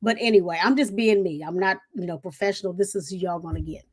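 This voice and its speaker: A middle-aged woman, a retired Air Force veteran, telling a lively, folksy story in an interview and talking straight to the audience. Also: mid-range voice, quick pace, breathy edge.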